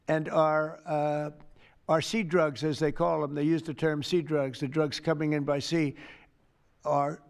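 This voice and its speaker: A man's voice: on the high side, creaky. An older man answering reporters' questions off the cuff at a press event, rambling and repeating himself with boastful asides.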